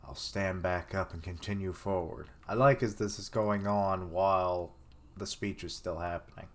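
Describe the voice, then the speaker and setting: A man's voice: low-pitched, fairly even intonation, normal speed. A man live-streaming his reaction to a manga chapter, reading lines aloud and joking, swearing and laughing at his own jokes.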